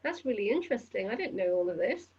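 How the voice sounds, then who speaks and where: A woman's voice: medium pitch, sing-song, quick pace, darkish tone, slightly rough. A woman hosting a podcast, asking curious follow-up questions over a video call. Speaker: podcast host. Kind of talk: interviewing. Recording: dull lo-fi call audio.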